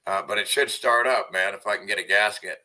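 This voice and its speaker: A man commenting on clips in an angry, profane rant that now and then bursts into shouting. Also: lowish voice, fairly quick, low-quality recording. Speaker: video commentator.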